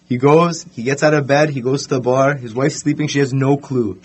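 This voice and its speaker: A young man telling a story in a casual podcast chat, animated and full of fillers. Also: medium pitch, normal speed, few pauses, slightly rough.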